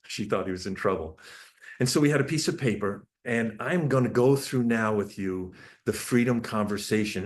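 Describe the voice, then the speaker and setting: A man giving a parenting talk over a shared screen, telling family stories with earnest, restarting speech. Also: fairly low pitch. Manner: storytelling, acts out family dialogue. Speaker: parenting speaker.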